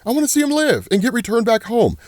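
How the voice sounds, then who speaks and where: A man giving a casual, excited comic book recap with lots of fillers. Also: very high voice, fast, dry recording, studio quality.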